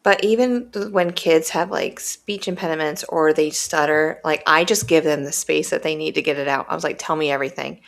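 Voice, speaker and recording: A woman's voice: deep voice, normal speed, hardly any pauses. A woman who works as a teacher, chatting casually and telling stories in a patient, earnest way. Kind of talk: casual chat.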